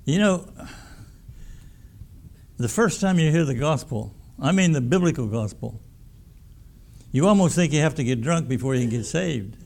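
Gravelly-voiced man preaching a folksy sermon. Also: a little high, lively intonation, moderate pace, pauses often, darkish tone. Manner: folksy, emphatic preaching with repeated words. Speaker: pastor.

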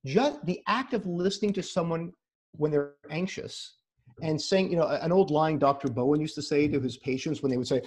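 A man with a somewhat high voice that is gravelly and husky, talking as a therapist guest on a video call. He gives advice in a casual, conversational way, often repeating words as he starts a sentence and setting his points out step by step. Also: lively intonation, fast, a little mellow. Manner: explains in numbered practical steps.

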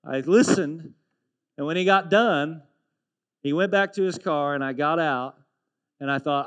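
A man preaching a sermon as pastor, telling a story with animated, earnest delivery and building to a call to renewal. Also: a little high, measured pace, pauses often.

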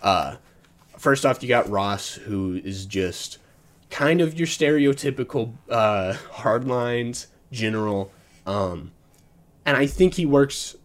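A man's voice: medium pitch, lively intonation, slow pace. A man hosting a solo podcast, reviewing a movie in a casual, rambling way, often restarting sentences and chuckling. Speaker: podcast host. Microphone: desk mic.

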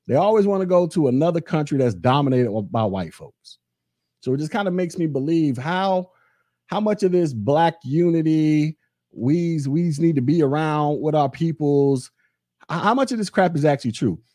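A man's voice: a little high, mellow, dry recording, clean studio sound. A man hosting a solo podcast, delivering a sarcastic, ranting opinion commentary straight to his listeners. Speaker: podcast host.

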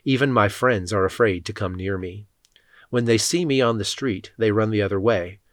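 A man reading Bible passages aloud in a measured, solemn way. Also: lowish voice, no room sound, studio quality. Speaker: scripture reader.

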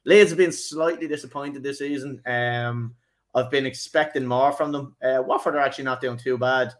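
A man's voice: mid-range voice, fairly even intonation, moderate pace. Young guy on a football podcast, rambling, sweary, laughing a lot. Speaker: podcast host. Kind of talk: casual football podcast chat.

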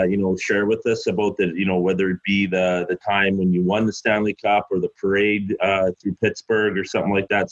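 A man co-hosts a casual interview, his questions loose and full of fillers. His voice is very deep and even, with little movement. The audio is dull and lo-fi. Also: breathy edge. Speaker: co-host.

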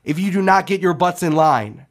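A man voicing a gruff female half-orc in charge of a kitchen, loud and barking orders. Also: sits high, animated, moderate pace, voice pushed up. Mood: rousing.

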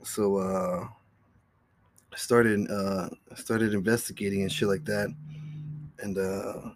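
A man's voice: on the low side, level tone, slow. A man hosting his own podcast, telling a story in a rambling, profane, casual way. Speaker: podcast host.

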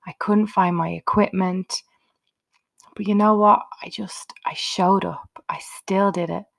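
A woman's voice: medium pitch, steady tone, unhurried, gravelly. A woman hosting her own motivational podcast, talking unscripted and earnestly, chatting straight to her listeners. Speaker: podcast host.

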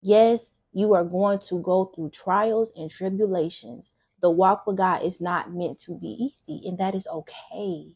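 A woman's voice: fairly low pitch, gravelly, a little mellow, breathy edge. A young woman giving a candid, emotional personal faith testimony in a casual, earnest way, often restarting her sentences. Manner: casual speech with frequent restarts. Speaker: faith vlogger.

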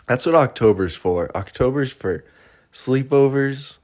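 A man's voice: medium pitch, expressive, a little slow, a little mellow. A young man from Denver co-hosting a podcast, chatting in an upbeat, casual way and laughing often. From Denver, Colorado. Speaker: podcast co-host.

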